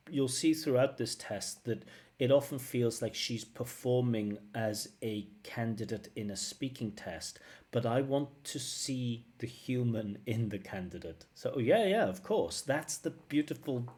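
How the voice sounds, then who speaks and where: A man's voice: medium pitch, unhurried, darkish tone. A man working as a language test examiner, giving analytical feedback and repeating phrases to model pronunciation.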